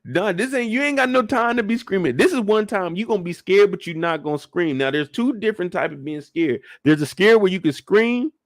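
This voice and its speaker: A young man streaming a live recap of a TV episode, riffing in an animated, profane, comic way and acting out scenes. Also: high-pitched, a little fast, hardly any pauses, no room sound, studio quality. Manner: acts out scenes in shouted bursts.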